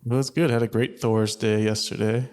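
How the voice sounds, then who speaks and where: A man's voice: mid-range voice, little pitch movement, normal speed, darkish tone. A man co-hosting a film podcast in casual chat, with dry, punning humor. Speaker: podcast co-host.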